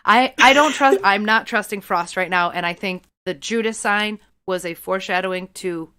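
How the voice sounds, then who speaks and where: A woman co-hosting a podcast in casual chat, emphatic and excitable, swearing when worked up. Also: medium pitch, moderate pace, clean tone. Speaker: podcast co-host.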